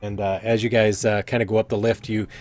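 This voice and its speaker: A man's voice: lowish voice, level tone, fast talker, a little mellow, soft background music. A man narrating as game master in a loose, rambling way with many fillers. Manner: loose, full of fillers and hedging "kinda".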